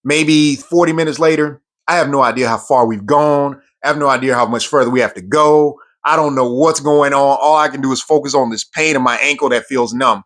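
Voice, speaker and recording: A man's voice: mid-range voice, a little fast, hardly any pauses, a bit bright. A man, a military veteran, telling a personal story in an earnest, emphatic way, often repeating words for stress.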